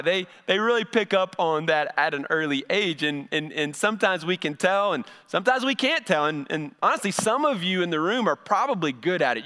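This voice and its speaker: A middle-aged pastor preaching in a high, bright, sharp voice. He is crisp and clear, and tells his stories in a folksy, animated way. He acts out the voices of the people in them. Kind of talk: sermon. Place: church service before a congregation.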